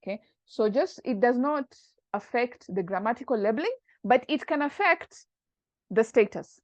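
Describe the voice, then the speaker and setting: A woman's voice: fairly high pitch, lively intonation, normal speed, dry recording. Woman patiently teaching grammar, dull dry audio. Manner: patient, explains step by step with examples. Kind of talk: online class explanation.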